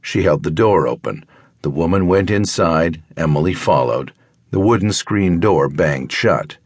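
Man, audiobook narrator, measured, very deep voice, dry studio sound. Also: expressive, breathy edge, no room sound. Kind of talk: scripted narration.

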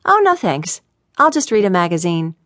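A woman's voice: lowish voice, very animated, moderate pace, a bit bright, no echo, clean studio sound. A woman voicing a confident, cocky young woman who is a computer whiz. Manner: brash, confident.

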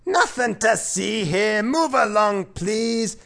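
A man's voice: high-pitched, lively intonation, slow pace, creaky, fairly bright tone, full character voice. A man putting on a hammy Scottish brogue. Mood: storytelling. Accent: put-on Scottish. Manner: hammy, playful, exaggerated. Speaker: storyteller. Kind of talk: comic rhyming children's story reading.

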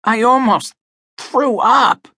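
A man voicing a wiry, chipper aging male small-time crook in an audiobook, rusty and quick to take offense. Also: wildly swooping pitch, slightly rough, no echo, studio quality, full character voice. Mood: offended. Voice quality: rusty, nasal, high. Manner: wheedling and easily offended. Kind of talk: audiobook character voice.

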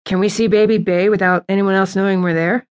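A woman narrating an audiobook, voicing a relaxed, dry-humored young man. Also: mid-range voice, fast talker, clean tone, lightly acted. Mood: easygoing. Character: wry laid-back young man, a boyfriend.

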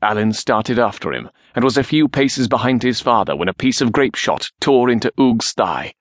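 A man narrating a historical novel in a measured, steady reading. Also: mid-range voice, no echo, clean studio sound. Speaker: audiobook narrator.

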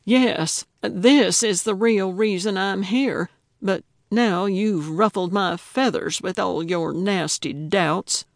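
A woman's voice: medium pitch, takes it slowly, no echo, clean studio sound. A woman reading an audiobook, voicing a feisty, indignant elderly woman who fancies herself a detective. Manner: indignant, emphatic.

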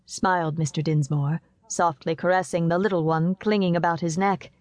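Low-voiced woman narrating an audiobook. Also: steady tone, moderate pace, hardly any pauses, darkish tone, no room sound. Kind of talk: scripted narration of a classic novel.

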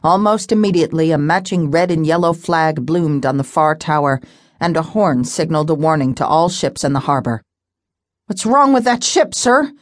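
A woman narrating a fantasy novel audiobook in a steady, measured storytelling voice. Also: sits low, no room sound, studio quality. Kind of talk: scripted narration.

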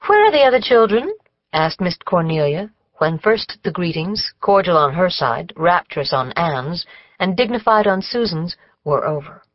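A woman narrating an audiobook in a measured, even storytelling manner. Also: lowish voice, dry recording, lo-fi sound. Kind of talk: scripted narration.

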